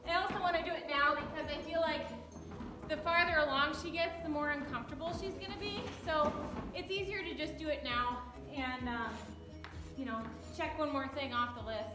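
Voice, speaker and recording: Chatty, excited woman with a high voice. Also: normal speed, music in the background. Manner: excited and chatty, many fillers. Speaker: horse owner vlogger. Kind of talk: casual vlog chat. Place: horse barn or yard, grooming a mare. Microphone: handheld camera.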